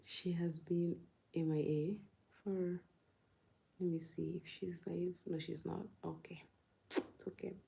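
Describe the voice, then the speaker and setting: A woman's voice: on the low side, flat delivery, slow, gravelly, warm tone, low-quality recording. Easygoing woman chatting on a livestream. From Uganda. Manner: chatty, laughs often, reads and answers viewer comments. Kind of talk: casual live-stream chat.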